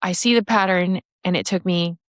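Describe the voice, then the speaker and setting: A woman in her fifties hosting a podcast, telling stories in an animated, emphatic way. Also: fairly low pitch, normal speed, dry recording, studio quality. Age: 50s. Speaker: podcast host. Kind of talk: casual chat, storytelling.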